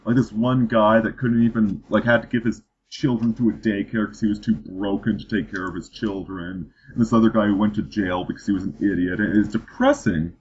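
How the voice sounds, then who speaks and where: A man's voice: lowish voice, fairly even intonation, brisk, few pauses, a little mellow, a little hiss or hum. Rambling podcast man, dull lo-fi audio. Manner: rambling, repeats words when starting sentences. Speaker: podcast host. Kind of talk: casual political chat.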